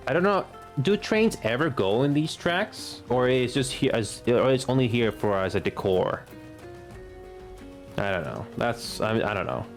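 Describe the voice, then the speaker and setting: A man in his late twenties giving casual gameplay commentary as a streamer. He talks in a halting way, stumbling over and restarting words. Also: medium pitch. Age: late 20s.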